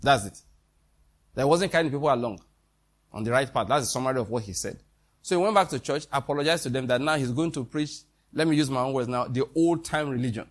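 A man's voice: medium pitch, fast. A man preaching a sermon in a conversational way, with quoted dialogue and questions to the congregation.

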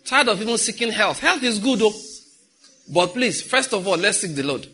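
Preaching at a normal speed, a very animated middle-aged Nigerian pastor keeps his sermon casual and sprinkles in pidgin asides. His voice sits a touch high, bright and forceful, carrying a husky, slightly rough quality.

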